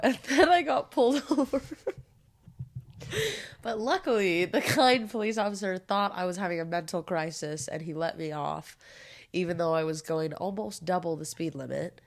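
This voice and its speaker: A young woman from Utah, co-hosting a podcast and telling a story in a chatty, dramatic way. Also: lowish voice. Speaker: podcast co-host. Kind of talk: casual chat.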